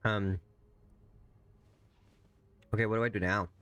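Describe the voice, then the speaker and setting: Low-voiced man rambling through a game. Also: fairly even intonation, unhurried, fairly bright tone, smooth, no room sound. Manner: rambling, playful, thinks aloud. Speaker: game streamer. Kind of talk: casual game commentary.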